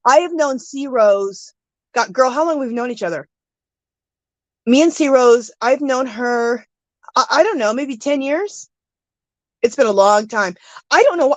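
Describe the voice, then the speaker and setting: A woman's voice: on the high side, lively intonation, a little slow, no room sound. A middle-aged woman hosting an art livestream from home, chatting casually and reading viewer comments, gushing and teary. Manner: warm, gushing, emotional, scattered.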